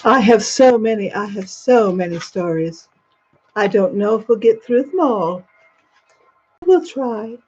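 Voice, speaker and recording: With a put-on upper-class English accent, an older woman livestream host lightly acts as a gracious elderly queen, gushing over viewers in live chat and calling them darling. Her medium-pitched voice is animated, unhurried and darkish, the audio dull, with faint music behind.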